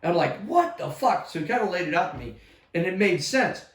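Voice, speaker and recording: An older man, a retired army sergeant major, telling war stories in a casual, heavily profane way and acting out shouted lines. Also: sits high, lively intonation, fast. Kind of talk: casual storytelling with heavy swearing. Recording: echoey room.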